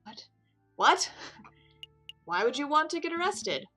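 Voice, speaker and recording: A woman voicing an eager young male bird assistant who asks excited questions. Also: sits high, slow, faint music behind, pitched above the performer's own voice, heavily acted.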